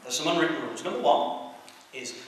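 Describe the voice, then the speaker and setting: A young English man doing a crude, rambling stand-up comedy set on a convention stage, mocking himself and shouting to the crowd. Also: fairly high pitch, expressive, a little fast. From England. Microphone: distant camera. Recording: echoey hall, taped from far off, noisy. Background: audience laughter.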